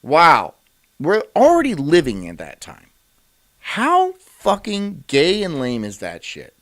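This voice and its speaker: A man's voice: a little high, wildly swooping pitch, takes it slowly, fairly bright tone. A man streaming, ranting and reacting to clips in a brash, profane way and laughing often. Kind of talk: casual livestream rant.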